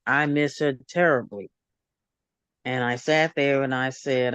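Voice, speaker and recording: A man's voice: medium pitch, steady tone, unhurried, fairly bright tone, clean tone, dry recording. A man, a guest in a casual chat, reminiscing with emotion. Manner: reminiscing, emotional, brief interjections.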